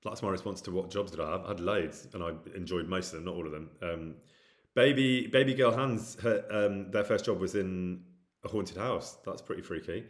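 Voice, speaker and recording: A man with a low voice streams casually at a moderate pace, reading viewer questions aloud. His answers ramble, full of hesitant fillers.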